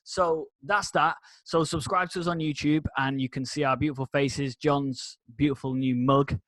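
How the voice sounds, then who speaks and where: A man co-hosting a podcast keeps things loose with relaxed, teasing banter. His voice sits a little higher than most men's. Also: moderate pace. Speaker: co-host. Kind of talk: casual podcast chat.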